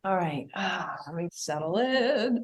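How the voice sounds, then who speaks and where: A middle-aged woman, a podcast guest, speaking in a soft, reflective and openly emotional way. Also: lowish voice, expressive, a little slow. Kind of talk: casual podcast conversation.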